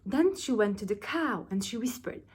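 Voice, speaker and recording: Expressive woman reading a picture book. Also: on the high side, slightly rough. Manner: expressive, drawn-out storytelling. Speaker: nursery teacher.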